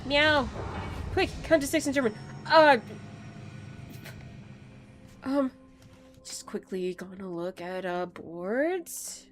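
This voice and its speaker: A woman's voice: a little high, lively intonation, takes it slowly, long pauses, faint music behind. A young woman streaming a game, chatting casually and rambling with playful asides. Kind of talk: casual gaming stream chat.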